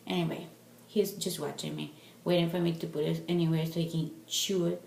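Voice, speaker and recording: A woman's voice: lowish voice, fairly even intonation, a little fast, creaky, darkish tone. A woman vlogging casually at home into a camera mic, chatty and exasperated as she rants. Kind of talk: casual product vlog. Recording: echoey room with background noise.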